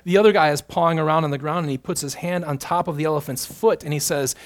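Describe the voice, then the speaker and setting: Pastor, male, fairly high voice; preaches in swings from quiet and drawn-out to forceful and loud. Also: steady tone. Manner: swings between hushed, slow stretches and loud, emphatic bursts. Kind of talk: sermon.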